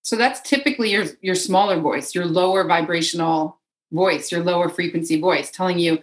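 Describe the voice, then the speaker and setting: Woman, lower register, podcast guest, unhurried repeating talker. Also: poor audio. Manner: flowing, repeats phrases, voices inner thoughts in quotes. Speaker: guest, energy healer. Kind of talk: casual podcast interview.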